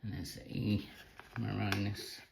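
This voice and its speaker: A man, hosting a casual vlog and chatting in a relaxed way about his tarantulas, with plenty of ums. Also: fairly low pitch, a little slow, gravelly, noisy background. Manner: chatty, laid-back, says um and uh a lot. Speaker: tarantula keeper and channel host. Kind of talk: casual show-and-tell vlog.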